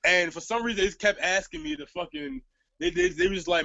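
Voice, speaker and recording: A man's voice: high voice, big pitch swings, fairly quick, gravelly, pushed and bright, dry recording, highs cut off. A man telling a rambling, profane story in casual chat, laughing as he goes.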